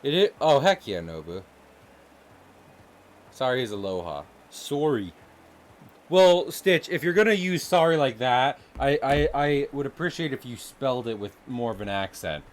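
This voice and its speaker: This streamer and artist talks at a moderate pace in a medium-pitched, expressive voice. He draws on his live stream while bantering playfully with viewers, laughing often as he jokes.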